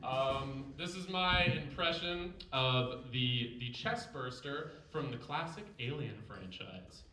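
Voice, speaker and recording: A man performing a stand-up set, introducing his bits in a deadpan tone on a comedy stage. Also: medium pitch, takes it slowly, few pauses, slight background noise. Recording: echoey stage mic.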